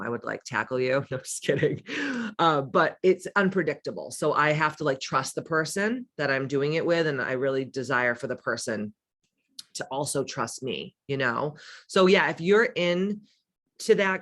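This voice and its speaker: A woman's voice: rumbling low, fairly bright tone. A middle-aged woman with a smoky voice hosts a casual livestream as a spiritual coach. She answers viewer comments in a frank, playful way, swearing freely and laughing often. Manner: candid and profane, laughs often, playful asides.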